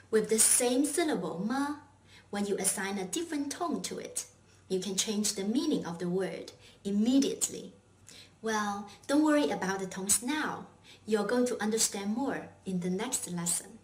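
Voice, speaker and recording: A woman's voice: mid-range voice, darkish tone, far from the mic. A woman teaching a language lesson, patient and encouraging, asking questions and praising the learner. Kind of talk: slow, clear language lesson with drills. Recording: echoey room, voice set back from mic, faint noise.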